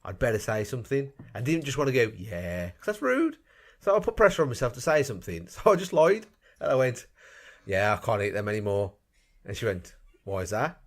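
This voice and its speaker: Rambling podcast co-host, lively voice. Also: male voice, mid-range voice, fairly quick. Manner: rambling, self-mocking storyteller. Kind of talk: casual chat.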